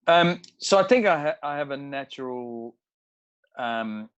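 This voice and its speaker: A man from Australia, an actor, talking about his craft in a relaxed interview, pausing often with fillers. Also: mid-range voice, clear, resonant tone, no room sound, muffled recording. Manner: thoughtful, halting with many fillers. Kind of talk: casual interview conversation.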